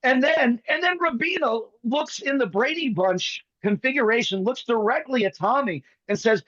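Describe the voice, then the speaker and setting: A man with a high, bright-pitched voice riffs through a comic bit on a video call, tossing in quick impressions. The sound is dry and close but a little dull, like webcam audio. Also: no echo. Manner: rapid comic riffing with bits of mimicry. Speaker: guest magician.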